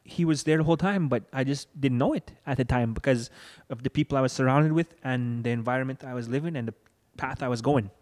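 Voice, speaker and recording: A man's voice: mid-range voice, fast, hardly any pauses, a little mellow. A young man telling his personal story of loss in an earnest, emotional way, acting out what people said to him. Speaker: guest. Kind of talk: personal testimony in conversation.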